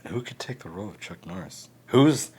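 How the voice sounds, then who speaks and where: Male podcast guest, lower voice, playful banter, drifting sentences. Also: animated, brisk, a little mellow, slightly rough. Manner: joking, trails off with "I don't know". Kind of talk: casual chat.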